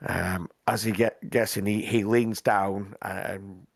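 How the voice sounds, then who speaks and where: Slow-talking man running a game. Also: lowish voice, steady tone, creaky, no echo, studio quality. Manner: hesitant, full of ums and restarts. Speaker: game master. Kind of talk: narrating a tabletop game.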